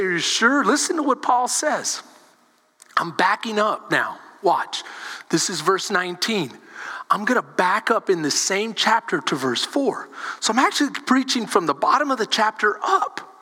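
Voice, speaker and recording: A man preaching a sermon as a pastor, animated and calling on the congregation for responses. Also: high-pitched, a little slow, slightly rough, long reverb tail.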